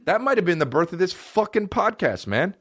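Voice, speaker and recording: A man's voice: high-pitched, big pitch swings, fairly quick, fairly bright tone, husky, no echo, studio quality. A man in his thirties hosting a comedy podcast, ranting in a casual, profane way and mimicking people in mocking voices. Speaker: podcast host.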